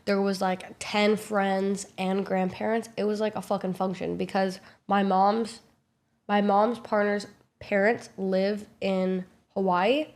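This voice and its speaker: A woman's voice: flat delivery, slow, a little mellow. A young woman telling a trip story to camera in a chatty, casual way, swearing freely and acting out quotes. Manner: chatty, swears freely, acts out quotes in high squeaky voices. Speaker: streamer vlogging a trip.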